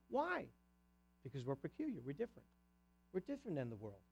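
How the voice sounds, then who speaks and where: A man preaching a sermon to his congregation, swinging between loud declarations and soft conversational asides. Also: a little high, huge pitch swings, fairly quick, creaky, lo-fi sound. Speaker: pastor.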